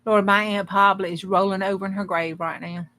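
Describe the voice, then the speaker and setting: A woman hosts a late-night crafting livestream and chats casually with her viewers. Her voice is bright and forceful. She rambles from one thing to the next with folksy humor. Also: mid-range voice, steady tone, fairly quick.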